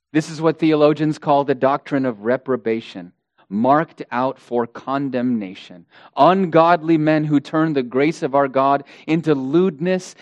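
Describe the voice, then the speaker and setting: A man's voice: fairly high pitch, dry recording. A male pastor preaching an impassioned sermon, hammering points through repetition and addressing the congregation as beloved.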